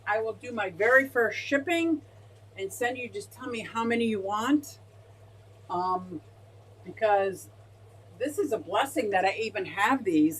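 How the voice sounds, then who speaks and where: A woman hosting a casual fish-keeping livestream, talking in an excitable, gushing way as she reads chat aloud. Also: on the high side, slight background noise, low-quality recording. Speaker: aquarium fish-keeping streamer.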